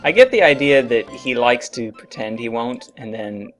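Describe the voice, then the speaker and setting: A man co-hosting a let's play, playing the game and dropping dry, deadpan quips. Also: mid-range voice, moderate pace, soft background music. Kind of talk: casual gameplay commentary.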